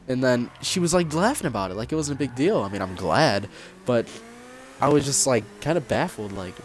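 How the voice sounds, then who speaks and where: A man's voice: mid-range voice, animated, a little fast, a little hiss or hum. A young man vlogger casually telling a story while gaming, rambling with lots of "like" and acting out the quotes.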